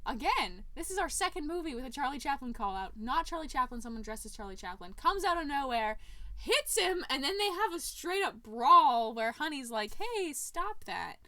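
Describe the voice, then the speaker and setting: A woman with a bright, lively voice pitched a little above the usual runs through a movie plot as a podcast host. She talks casually and keeps the retelling animated with fillers and bursts of laughter. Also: a little fast, dry recording. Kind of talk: casual movie recap chat.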